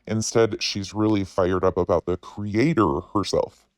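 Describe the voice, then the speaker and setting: A man hosting a channel, speaking a pointed commentary voice-over and asking sharp questions. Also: fairly low pitch, steady tone, measured pace, no room sound, studio quality.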